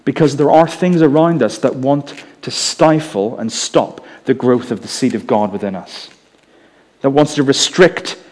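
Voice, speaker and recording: A man with a softened Northern Irish accent preaching a sermon in a conversational way, with humorous asides. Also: mid-range voice, big-room sound. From Northern Ireland.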